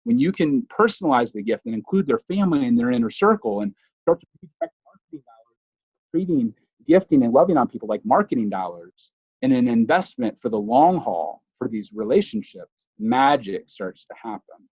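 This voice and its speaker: A man telling a long personal story in a webinar talk, chatty and animated with fillers and restarts. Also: mid-range voice, brisk, breathy edge, dry recording. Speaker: speaker. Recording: dull dry lo-fi audio.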